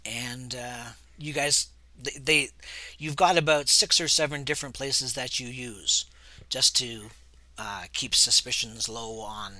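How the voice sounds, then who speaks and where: Guy running a tabletop game, unhurried narration, lots of pauses, crisp bright tone. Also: medium pitch. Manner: relaxed, hesitant narration. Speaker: game master.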